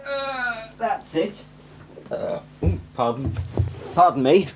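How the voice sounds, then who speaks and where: A man's voice: sits high, very animated, slow pace, a little hiss or hum. A young man with a northern English accent, chatting and rambling cheerfully on a home video about his collection, self-mocking and full of asides. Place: at home, indoors. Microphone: camcorder microphone on a tripod. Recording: 1990s camcorder home video.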